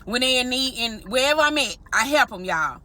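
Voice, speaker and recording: A married woman telling an animated story straight to her viewers in a vlog, often calling them y'all. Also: a little high, brisk. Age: adult, married. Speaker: vlogger.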